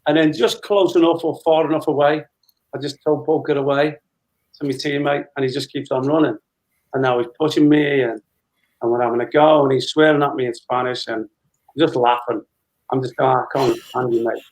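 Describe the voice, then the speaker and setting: A man in his fifties, a former footballer, telling lively anecdotes with frequent laughter as an interview guest. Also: medium pitch, fairly quick, rough recording. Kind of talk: casual storytelling interview.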